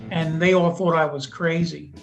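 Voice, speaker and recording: A man with a New Jersey accent and a high voice tells stories in a jokey, chatty way as a caller on a radio show. Faint music plays behind him. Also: steady tone, moderate pace, vocal fry. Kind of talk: casual storytelling.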